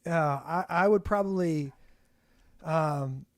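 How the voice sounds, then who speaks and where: A man's voice: fairly high pitch, slow, no room sound, studio quality. A young man co-hosting a casual podcast, talking in a rambling way with many restarts and fillers. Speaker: podcast co-host.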